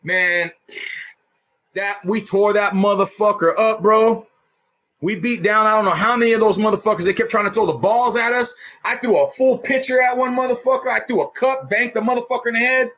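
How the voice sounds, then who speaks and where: Dude with a kinda high voice telling a wild story, cussing nonstop, bam boom sound effects. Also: male voice, a little fast. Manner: profane street slang, lively retelling with sound effects. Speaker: storyteller host. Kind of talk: casual storytelling.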